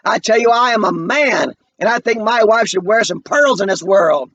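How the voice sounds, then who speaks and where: A man reading a play aloud, voicing a proud, desperate grown son with pleading, strained high cries. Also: lively intonation, fairly quick, fairly bright tone, no room sound, distant mic, dull audio, full character voice.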